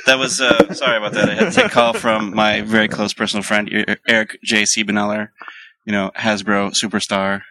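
A man's voice: on the low side, steady tone, a little fast, crowd noise, rough recording. A man, a voice actor appearing as a podcast guest, chatting playfully and laughing often into a handheld mic. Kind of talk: casual chat. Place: fan convention hotel.

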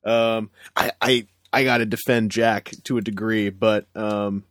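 A man hosting a casual podcast chat, rambling with stammered restarts and sudden excited outbursts. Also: fairly low pitch, unhurried, no room sound, clean studio sound. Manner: rambling, repeats words when starting, bursts into excited shouts. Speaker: podcast host.

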